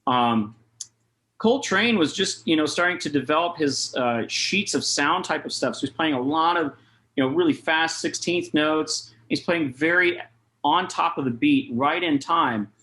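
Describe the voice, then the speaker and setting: A man's voice: fairly high pitch, unhurried, pushed and bright. A man giving a casual online jazz master class, talking through rhythm exercises and scatting them aloud. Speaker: jazz saxophone clinician. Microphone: video call.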